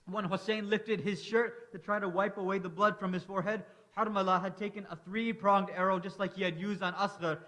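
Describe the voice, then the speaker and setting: A man reciting a mournful lament with a high, bright voice. He is impassioned and often rises into anguished cries.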